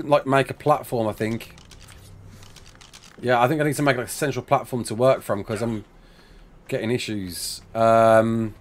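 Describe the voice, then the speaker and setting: A man's voice: medium pitch, slight background noise. A young man live-streaming a building game, chatting casually, reading out chat messages and talking himself through each step.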